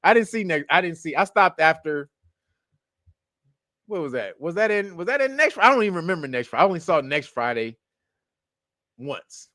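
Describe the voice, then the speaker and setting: A man hosts a casual commentary talk, cursing freely and laughing, with many restarts and asides. His voice is bright and forceful and sits fairly high for a man. The recording is dry and close, with no room sound. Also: big pitch swings, moderate pace, pauses often, no echo. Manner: profane, laughs often, loud bursts of mockery; rambling with self-corrections. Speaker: show host.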